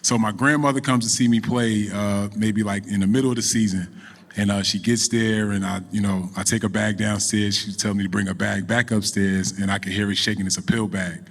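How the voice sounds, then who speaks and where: A middle-aged man, a guest on a podcast, telling a story in a relaxed, animated way and running a business. He falls into casual speech. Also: on the low side, brisk, vocal fry, big-room sound. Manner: animated storyteller, acts out quoted voices. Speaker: podcast guest, cannabis entrepreneur.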